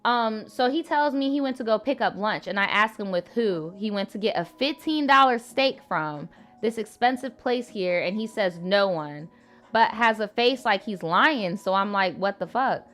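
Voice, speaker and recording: A woman's voice: medium pitch, animated, normal speed, a bit bright. A young woman hosting a live advice stream, talking bluntly and animatedly with plenty of swearing. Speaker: live advice show host.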